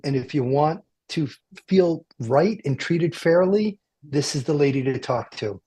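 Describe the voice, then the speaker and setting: A man's voice: fairly high pitch, lively intonation, unhurried, dark tone, husky. A man hosting a radio talk show from a car dealership, rambling and joking with plenty of fillers and restarts. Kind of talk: casual chat.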